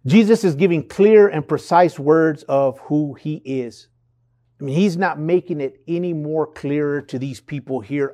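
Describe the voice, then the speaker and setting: A man's voice: on the high side, unhurried, dark tone. A man preaching a sermon in an earnest, conversational way, reading and explaining scripture. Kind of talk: sermon podcast.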